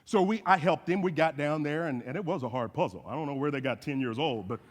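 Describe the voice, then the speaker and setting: A man's voice: on the high side, fast. Man preaching in an echoey hall. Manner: animated storytelling with folksy asides. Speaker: guest speaker. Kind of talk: sermon. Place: church sanctuary.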